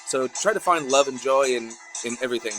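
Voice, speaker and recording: A man's voice: mid-range voice, brisk, poor audio. A man from the United States with a Southern American accent, hosting a vlog in a rambling, chatty way with many asides. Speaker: vlog host. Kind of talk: casual commentary on a screen share. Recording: talking over loud music.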